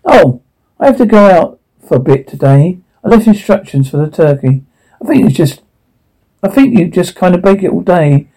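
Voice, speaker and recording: A middle-aged father full of secrets, defensive and deflecting, as a man acts him out. The voice is dark and gravelly, with a husky rasp. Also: high voice, sing-song, moderate pace, exaggerated voice, rough recording. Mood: casual.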